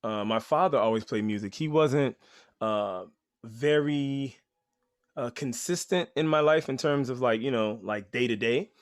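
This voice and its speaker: A man's voice: mid-range voice, unhurried, no room sound. Chatty man telling stories, dry sound. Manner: animated, chatty, peppered with "like, you know". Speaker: podcast guest, rapper and teaching artist. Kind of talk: casual storytelling.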